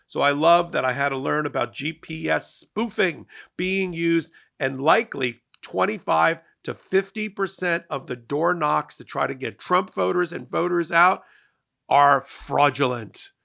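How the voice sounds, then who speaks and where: A slightly high, creaky male voice, bright and forceful at a measured pace, carries a sarcastic monologue on a legal and political commentary show. The host often repeats words as he starts sentences.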